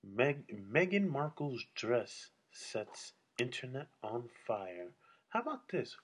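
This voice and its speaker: A man's voice: medium pitch, very animated, takes it slowly, fairly bright tone, breathy edge. A man talking alone to his audience in a casual, rambling rant, blunt and full of swearing. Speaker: solo vlogger.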